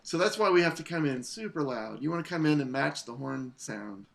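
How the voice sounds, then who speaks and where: A man coaching an English horn player in a masterclass, relaxed, singing phrases to show the rhythm. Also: fairly high pitch, brisk, creaky. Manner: relaxed, sings phrases to demonstrate. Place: online video masterclass.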